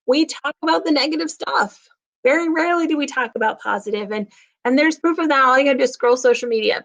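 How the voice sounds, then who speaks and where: A middle-aged woman talks casually to her viewers in a fairly high voice. She is chatty and expressive and slips into little quoted voices to make her points. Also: highs cut off. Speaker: host. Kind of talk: casual talk to camera.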